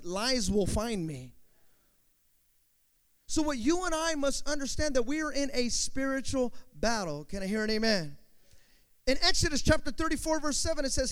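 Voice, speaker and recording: High-voiced preacher man in a reverberant hall. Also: smooth. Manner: call-and-response preaching, swings between loud and soft. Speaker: pastor. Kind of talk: sermon. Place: church sanctuary.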